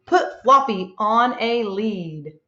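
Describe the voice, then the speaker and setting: A woman reading the lines of a dad in a children's story aloud, in a lively raised voice. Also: on the high side, takes it slowly, echoey room, highs cut off, heavily acted. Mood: cheerful.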